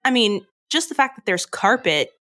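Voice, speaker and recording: A woman's voice: a little high, big pitch swings, normal speed, bright, forceful tone. A woman co-hosting a podcast, describing a scene in a chatty, giggly way. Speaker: podcast co-host. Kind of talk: casual chat recapping a TV episode.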